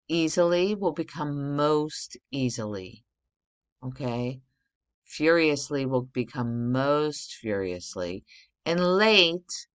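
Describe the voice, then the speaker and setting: A middle-aged woman teacher giving a recorded spelling and grammar lesson to children, explaining patiently step by step. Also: sits low.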